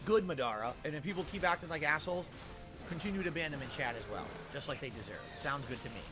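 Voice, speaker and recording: A man's voice: a little high, expressive, fast talker. A man streaming live, irritably telling off his chat and swearing. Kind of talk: live stream chatter over game music. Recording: clip with loud game music behind.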